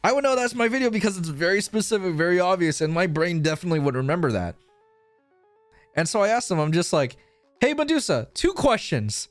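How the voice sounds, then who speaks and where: Animated, rambling young male streamer. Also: high voice, quick pace, no room sound, faint music behind. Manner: rambling, profane, self-mocking, loses his train of thought. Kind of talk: rambling live-stream storytelling.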